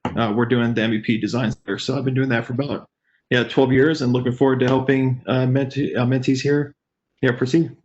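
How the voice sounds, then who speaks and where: A man introducing himself on a video call, talking quickly and correcting himself as he goes. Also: medium pitch, flat delivery, a little mellow. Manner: quick, halting, self-correcting. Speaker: consulting engineer. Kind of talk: casual self-introduction. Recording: muffled video call with faint noise.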